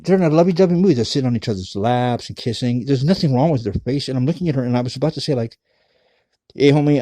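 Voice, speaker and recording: Guy ranting through a long story, swears a lot, warm low-key tone, dry sound. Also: no echo. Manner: profane, rambling, emphatic. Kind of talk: casual personal storytelling.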